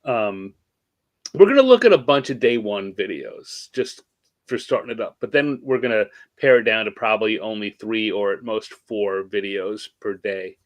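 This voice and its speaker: A man co-hosting a casual podcast, joking with his co-host and then calmly laying out the episode plan over a remote call. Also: lowish voice, moderate pace, no room sound. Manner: playful, jokey banter; organized, walks through the plan.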